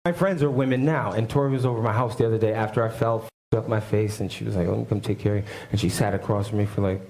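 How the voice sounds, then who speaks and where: A man doing a stand-up comedy set with a rambling, dry delivery and quick asides. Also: lowish voice, a little mellow. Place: comedy stage. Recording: heavy background noise.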